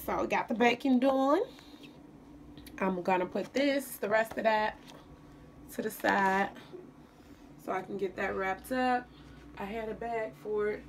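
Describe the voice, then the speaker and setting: A woman with a somewhat high voice talks unhurriedly through a home cooking vlog. She chats to her viewers as she works in her kitchen, with a faint hum of background noise. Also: a little slow, long pauses. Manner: chatty, addresses viewers while cooking. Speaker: home cook vlogger.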